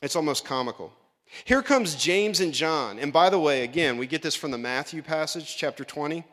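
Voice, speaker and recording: A man preaching a lively sermon as pastor, acting out Bible characters in funny voices. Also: a little high, moderate pace, big-room sound. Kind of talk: animated sermon.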